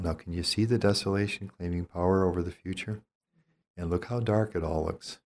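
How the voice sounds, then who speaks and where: Middle-aged priest guy, really low voice, calm and reflective, reading bits of his journal and explaining them. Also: brisk. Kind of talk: spiritual teaching talk.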